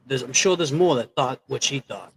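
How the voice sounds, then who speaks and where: A man's voice: medium pitch, expressive, moderate pace, crowd noise, rough recording. A man co-hosting a livestream, chiming in with short remarks. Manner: short agreeing interjections. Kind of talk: casual chat.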